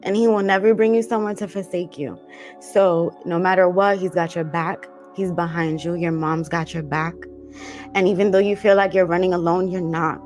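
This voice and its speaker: A woman hosting a dream interpretation show, speaking gently and emotionally, slowly repeating comforting affirmations. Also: lowish voice, fairly even intonation, soft background music. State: emotional, teary. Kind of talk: warm encouraging talk show chat.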